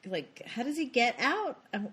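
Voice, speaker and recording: A woman's voice: fairly high pitch, sing-song, measured pace, fairly bright tone, slightly rough. A woman co-hosting a podcast, chatting playfully and recapping scenes from a movie. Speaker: podcast co-host. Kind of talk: casual movie discussion.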